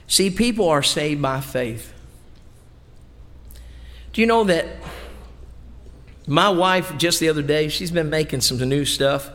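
A man's voice: on the high side, slow pace, pauses often, fairly bright tone, long reverb tail. A middle-aged man preaching a sermon in a church, folksy and emphatic, with homey asides. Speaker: pastor. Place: church sanctuary.

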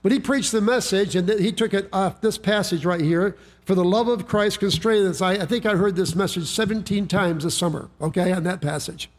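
A man's voice: sits high, brisk, few pauses. A man preaching a sermon, telling a story in a folksy way with frequent restarts and repeated words. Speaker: pastor.

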